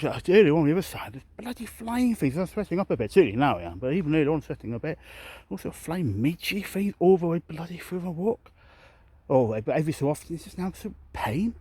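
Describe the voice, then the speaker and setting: Man, mid pitch, breathless walking vlogger with a dry close sound, rambling and self-correcting. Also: darkish tone, no echo. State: out of breath from climbing. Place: outdoors, hilly park walk.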